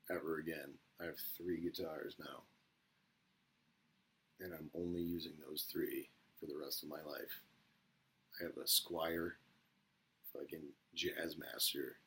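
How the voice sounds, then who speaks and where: A man talking casually to the camera in a rambling, profane way. He gets excited at times and drops into a mumble at others. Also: extremely low pitch, slightly rough, low-quality recording.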